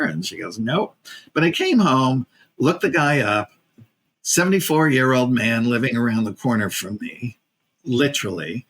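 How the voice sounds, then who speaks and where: Animated man in his fifties telling stories. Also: medium pitch, normal speed, a little hiss or hum, rough recording. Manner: animated storyteller, acts out quoted people, frequent fillers. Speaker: casting director guest. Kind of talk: casual storytelling.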